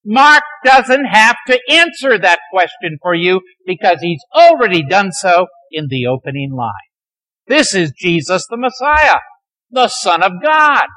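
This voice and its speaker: A man lecturing a class on the Bible, telling its stories dramatically and sometimes dropping to a near hush. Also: high-pitched, very animated, a little slow, poor audio. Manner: dramatic storytelling, dropping to near hushed tones.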